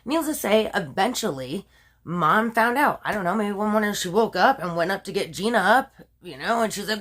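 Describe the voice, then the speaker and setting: A woman's voice: medium pitch, expressive, moderate pace, fairly bright tone. A woman tells a true crime story in a loose, conversational way, stacking fillers and side comments. She leans into the drama of her own telling and chuckles at it. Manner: chatty, full of fillers and asides.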